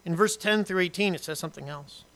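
A man preaching a sermon, reading scripture and acting out voices with humor and lively asides. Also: high voice, fast talker. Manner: animated, acts out quotes and asides with humor. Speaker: pastor.

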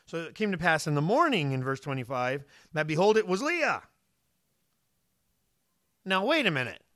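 A man preaches with a high, bright voice. He asks his listeners questions and slips into the voices of the people in the story. The sound is close and dry, with no room around it. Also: sing-song, normal speed, no room sound. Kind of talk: sermon.

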